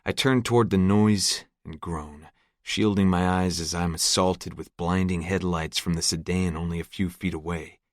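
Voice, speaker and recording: A man's voice: low voice, steady tone, normal speed, no echo. A man narrating a gritty first-person audiobook in a close, scripted read. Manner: gritty, profane storytelling.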